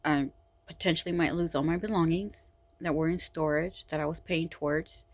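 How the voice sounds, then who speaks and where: Woman, exhausted, frustrated, halting speech, sighs, dry close recording. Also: deep voice, steady tone, dry recording. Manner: halting, weary, full of sighs and restarts. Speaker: vlogger. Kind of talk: personal confessional vlog.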